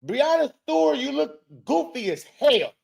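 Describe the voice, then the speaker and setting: A man hosting a reaction show, heckling a clip in a loud, profane rant. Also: very high voice, sing-song, unhurried, creaky. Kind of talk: ranting reaction commentary.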